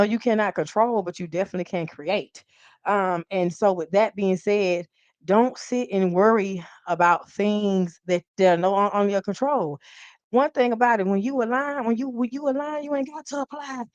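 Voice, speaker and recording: A woman hosting a live stream of tarot readings, joking and preaching straight to her viewers in a casual, animated way. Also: medium pitch, no room sound.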